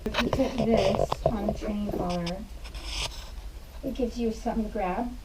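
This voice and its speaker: A woman's voice: medium pitch, moderate pace, vocal fry, far from the mic, very noisy. A woman dog trainer explaining puppy care to a client in a patient, explanatory way, often cooing praise at the dog. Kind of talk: hands-on training lesson.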